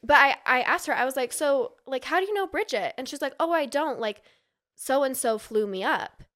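Podcast guest: a woman from Utah with a slightly high voice, telling gossip in casual chat and playing out every quoted line. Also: lively intonation, normal speed, a bit bright.

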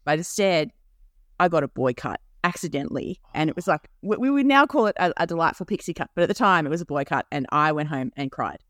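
A woman's voice: sits low, lively intonation, fast, a bit bright, dry recording, studio quality. A woman co-hosting a podcast, telling a story in casual chat and laughing often. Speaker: podcast co-host.

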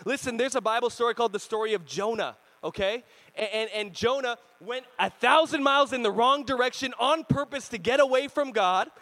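A male pastor in his thirties preaching with lively, joking energy. He slips into playful put-on voices to tell stories. His voice sits fairly high for a man. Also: fairly quick, low-quality recording. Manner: animated, jokey, acts out voices and screams. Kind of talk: sermon.

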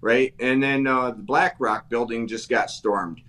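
A man's voice: medium pitch, fairly even intonation, a little slow, a bit bright. A man from Wisconsin with an Upper Midwest accent, a guest talking fervently and emphatically, repeating himself and restarting phrases. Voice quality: emphatic, repetitive, full of restarts. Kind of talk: fervent talk-show chat.

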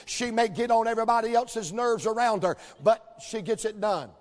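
A man preaching a folksy sermon in a church, telling the story with energy and building to shouts. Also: high-pitched, moderate pace. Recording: long hall reverb.

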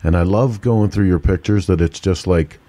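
A man's voice: low voice, moderate pace, warm tone. A man with a Pittsburgh accent hosting a casual interview, enthusiastic and laid-back in a chummy way. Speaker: show host.

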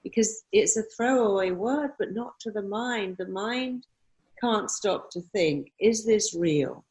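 A woman's voice: mid-range voice, measured pace, a little mellow. A woman answering interview questions in an emphatic way, often acting out quoted self-talk. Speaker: guest speaker on mindset.

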